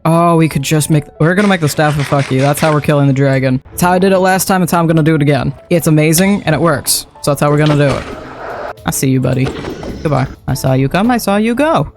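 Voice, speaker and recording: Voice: medium pitch, fairly quick, a little mellow, faint music behind. A gameplay commentator talking casually while playing, rambling and correcting themself with playful asides.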